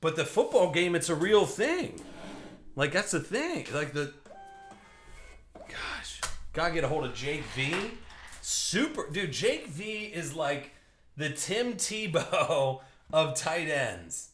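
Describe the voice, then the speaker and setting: A man's voice: a little high, sing-song, takes it slowly, reverberant, noisy background. A young man hosting a live card break, joking and riffing with viewers by name as he opens packs.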